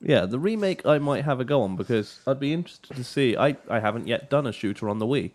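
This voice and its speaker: A man co-hosting a casual video game podcast, speaking in a measured, reflective way. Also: mid-range voice, animated, a little mellow. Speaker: podcast co-host. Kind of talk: casual chat about games.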